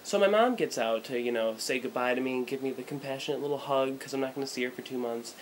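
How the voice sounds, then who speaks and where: A man's voice: medium pitch, fast, slight background noise, poor audio. A young American man from the United States rambling through a casual travel vlog, full of fillers and blunt asides, filmed on a handheld camera in a small hotel room. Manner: rambling, irreverent, many fillers. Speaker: vlogger.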